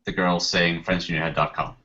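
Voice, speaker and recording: A man's voice: deep voice, little pitch movement, brisk, bright, forceful tone, slightly rough. A man hosting a podcast who drops dry, joking asides into a casual chat. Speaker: podcast host. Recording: dull lo-fi recording.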